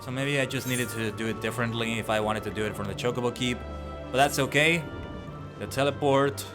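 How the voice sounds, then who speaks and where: Chatty guy streaming a game, mid pitch, music going behind him. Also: brisk. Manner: chatty, stumbles over words. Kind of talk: casual gameplay commentary.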